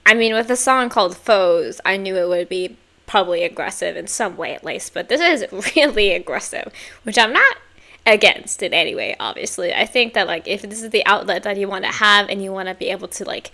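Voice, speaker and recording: Excitable young woman reacting to music. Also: mid-range voice, fairly quick. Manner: excitable, gushing exclamations, lots of fillers. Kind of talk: casual reaction commentary. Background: faint music playing.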